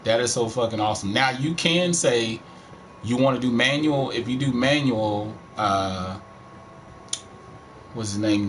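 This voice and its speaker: A middle-aged Texan man with a country twang talks over his gameplay in a loose, rambling way, swearing freely. His voice sits at an ordinary middle pitch. A faint hum of room noise runs underneath. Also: fairly bright tone. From Texas. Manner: rambling, profane, laid-back. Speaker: gaming streamer. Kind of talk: casual let's-play commentary. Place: home, live stream.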